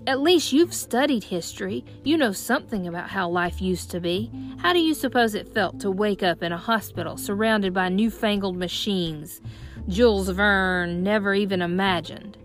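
A woman's voice: medium pitch, normal speed, soft background music, natural voice. A woman voicing a proud, bossy boy from long ago who talks in scornful, old-timey phrases in an audiobook. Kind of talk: audiobook narration.

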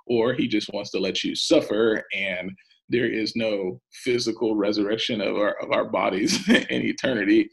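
A pastor speaking in an earnest, preacherly way as a guest on a podcast. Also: male voice, on the low side, vocal fry, fairly bright tone, slightly rough, rough recording. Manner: earnest and preacherly, with some restarts. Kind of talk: reflective conversation.

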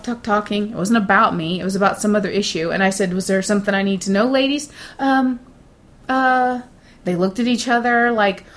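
A middle-aged woman talks in a relaxed, blunt way, sure of herself and unbothered. When she quotes nervous coworkers, she slips into mocking put-on voices. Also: medium pitch. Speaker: data center shift supervisor. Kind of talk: casual chat.

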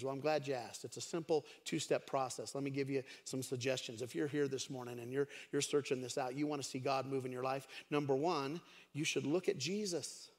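A man's voice: mid-range voice, fairly even intonation, brisk. A man preaching a sermon as a pastor, chatty and storytelling, with frequent fillers. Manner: conversational storytelling, many fillers. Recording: echoey hall.

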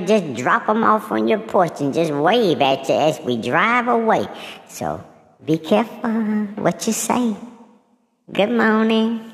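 A sassy little pet cat, acted out by a woman,, bragging and teasing in a low voice that swoops all over the place. It takes its time with every word. The sound rings with a long, echoey reverb. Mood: chatty. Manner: teasing, brags, sing-song repeats. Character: sassy boastful pet cat, small but fierce. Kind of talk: comic character monologue.

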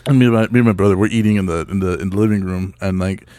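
A man's voice: deep voice, fairly even intonation, very fast, mellow, dry recording. A man casually telling a profane story on a podcast, repeating himself and acting out quotes. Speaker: podcast co-host.

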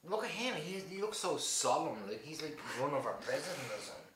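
A man's voice: a little high, big pitch swings, fast, crowd noise. A man co-hosting a casual chat, ranting bluntly and swearing freely. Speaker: podcast co-host. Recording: echoey room with noise.

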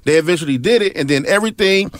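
A man's voice: high-pitched, animated, rapid-fire, no echo, studio quality. A man hosting a casual podcast chat, telling stories and asking pointed questions. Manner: storytelling, asks pointed questions. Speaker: podcast host.

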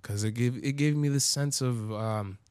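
A man's voice: medium pitch, normal speed, a little mellow, smooth, no room sound. A young man telling his story as an interview guest, casual and profane, rambling with lots of fillers. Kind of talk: candid recovery interview.

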